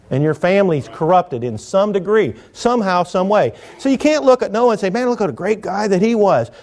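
Folksy preacher with a lively delivery. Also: male voice, high-pitched. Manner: folksy, jokey, swings between loud emphasis and quiet asides. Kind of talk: sermon.

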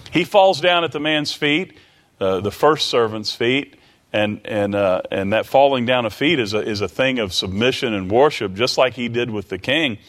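A man preaching a sermon in a voice of middling pitch. He retells a scripture story, acting out pleading lines and putting rhetorical questions to his listeners. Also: expressive, moderate pace, a bit bright.

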